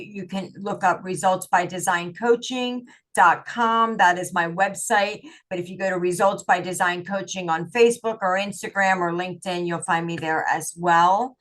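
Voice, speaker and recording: A woman's voice: medium pitch, fairly bright tone. Earnest woman life coach, podcast guest. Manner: earnest, encouraging. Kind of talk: podcast interview.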